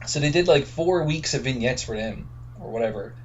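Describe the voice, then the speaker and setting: A man's voice: mid-range voice, animated, a little fast. A man with a Newfoundland accent speaks over a muffled phone line that carries a faint background hiss. His voice sits in a middle register. He recaps news in a wry, gossipy way. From Newfoundland, Canada. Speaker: podcast co-host. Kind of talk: casual chat. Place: remote work camp. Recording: dull phone audio with faint noise.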